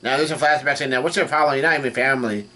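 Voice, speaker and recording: Male vlogger, mid pitch, halting read-through recap, frequent restarts. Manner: halting, full of restarts and fillers, reads quoted lines flatly. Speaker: manga reaction vlogger. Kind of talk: casual recap while reading.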